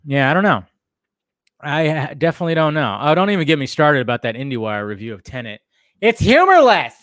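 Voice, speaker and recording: A man's voice: medium pitch, fast talker, fairly bright tone, clean tone, no echo, studio quality. A man hosting a live stream, ranting heatedly and swearing often while a little tipsy from bourbon. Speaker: streamer host.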